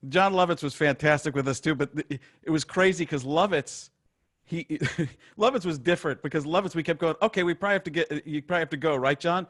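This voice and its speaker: A man hosting a casual chat over a video call, enthusiastic and quick to laugh. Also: fairly high pitch, a bit bright. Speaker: host.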